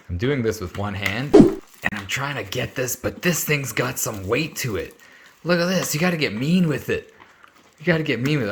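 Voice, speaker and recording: A man hosting his own channel, talking excitedly and emotionally to viewers while he unboxes an award. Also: on the low side, slight background noise. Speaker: sports channel host. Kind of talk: casual unboxing vlog.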